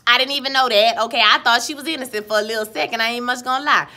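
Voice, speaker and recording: A woman hosting a casual TV show recap, animated and chatty, talking straight to her viewers. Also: fairly high pitch, rapid-fire. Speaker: TV recap host.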